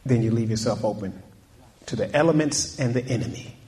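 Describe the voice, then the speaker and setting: A man's voice: mid-range voice, fairly quick, darkish tone, slight background noise. A male pastor preaching a sermon, repeating key points and asking the congregation questions. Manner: preaching with rising intensity and repetition; asks the congregation questions and calls out amen.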